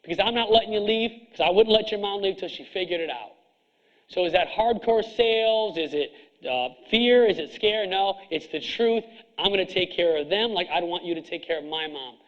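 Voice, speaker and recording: Blunt, hard-driving man with a high voice. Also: a bit bright, dull audio. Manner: blunt, hard-driving, preachy with rapid rhetorical questions. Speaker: chiropractor coaching other chiropractors. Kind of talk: seminar speech to an audience.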